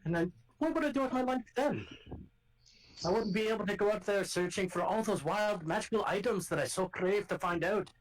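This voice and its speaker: A man's voice: sits high, brisk, a little hiss or hum, voice pushed up, natural voice, poor audio. A man voicing a chatty adventurer, putting on a blended Scottish and Irish accent and rambling in a folksy way. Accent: put-on mix of Scottish and Irish. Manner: rambling, folksy, calls people lass. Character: chatty male adventurer with a put-on brogue.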